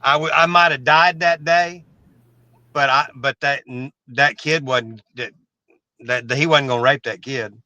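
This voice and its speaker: A man's voice: medium pitch, steady tone, a little slow, pushed and bright, dry recording, lo-fi sound. A middle-aged man from Oklahoma, a guest telling a story in a casual, blunt, profane way, often stumbling and repeating words. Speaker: interview guest.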